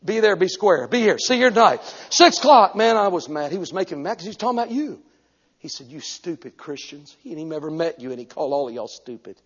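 A man preaching a sermon as an evangelist, telling a story animatedly and breaking into sudden shouts. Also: high-pitched, big pitch swings, quick pace, few pauses, husky. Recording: echoey hall, dull lo-fi sound.

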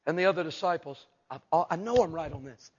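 A man preaching a humorous sermon, acting out voices and shouting for emphasis. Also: fairly high pitch, fairly quick, breathy edge, highs cut off. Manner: animated, jokes and acts out voices, shouts for emphasis.

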